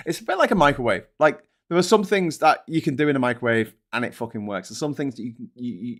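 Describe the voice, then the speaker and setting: A man chats on a live stream and swears freely. He rambles, restarts sentences and wanders off on tangents. His voice sits at an ordinary middle pitch. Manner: sweary, rambling, easily sidetracked; excitable when thanking viewers. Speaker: livestream host. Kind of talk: casual rambling live chat.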